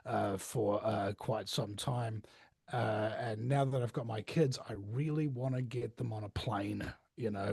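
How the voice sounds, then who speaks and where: A man's voice: medium pitch, darkish tone, no room sound. A New Zealand man in his thirties, chatting loosely in an interview with lots of fillers and restarts. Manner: rambling, many fillers and restarts. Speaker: podcast host. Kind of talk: casual interview chat.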